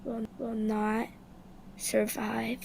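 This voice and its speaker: A woman voicing a cheerful mascot girl who turns eerie, speaking in a slow sing-song. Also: on the high side, completely flat delivery, vocal fry, darkish tone, slight background noise, heavily acted.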